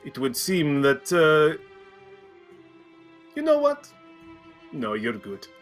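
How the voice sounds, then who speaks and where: A man's voice: a little high, wildly swooping pitch, slow, soft background music, exaggerated voice. A man voicing a boastful, wealthy male merchant prince who speaks in grand, formal phrases.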